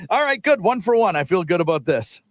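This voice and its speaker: Animated man on sports radio. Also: high voice, measured pace. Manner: animated, laughs easily, muses aloud while guessing. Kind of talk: casual sports radio banter.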